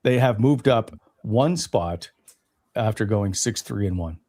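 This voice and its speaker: A man's voice: lowish voice, animated, unhurried, mellow, dry recording, clean studio sound. A man hosting a casual sports radio show, leading the segment and quizzing his co-hosts with stats. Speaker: host.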